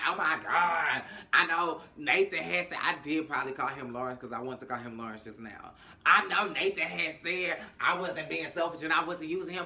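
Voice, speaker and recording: Woman, AAVE, casual TV recap, animated, slangy and cursing, acts out the characters, bright forceful tone. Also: low voice. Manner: animated, acts out characters' lines in different voices; slangy and profane. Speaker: TV episode recap host.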